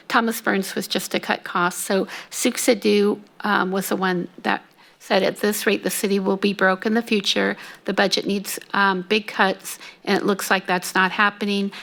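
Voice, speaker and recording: A woman's voice: mid-range voice, flat delivery, normal speed, vocal fry, fairly bright tone. A woman reading public comments aloud at a city council meeting, hesitant and apologetic, with frequent fillers.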